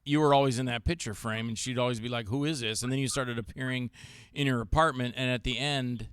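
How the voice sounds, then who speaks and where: A man hosting a casual talk show, telling animated stories and acting out what others said. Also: mid-range voice, fast talker, clean tone, no room sound, clean studio sound. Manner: animated storyteller, acts out quotes of others. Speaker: show host. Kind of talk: casual chat with jokey impressions.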